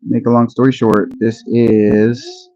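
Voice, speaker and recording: A man's voice: medium pitch, huge pitch swings, slow, dark tone. A man hosting a live stream, chatting casually and rambling as he talks straight to his viewers. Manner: rambling, addresses viewers directly. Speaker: livestream host. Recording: dull lo-fi dry sound.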